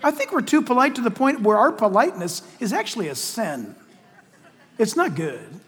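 High, lively preaching man in a hall. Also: moderate pace, husky. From United States. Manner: animated storytelling, acts out quotes. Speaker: pastor. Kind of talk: sermon.

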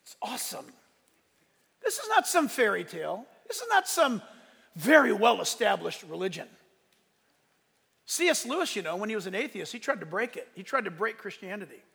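A man preaching a sermon as pastor, animated and storytelling, acting out conversations with loud bursts. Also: sits high, brisk, creaky, breathy edge, long reverb tail. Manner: animated storytelling, acts out exchanges with loud outbursts. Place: church sanctuary.

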